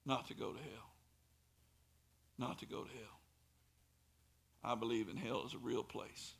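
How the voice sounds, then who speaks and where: A man preaching a sermon in a church, telling a story and building to shouted pleas. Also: medium pitch, fairly even intonation, measured pace, gravelly, husky. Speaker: pastor.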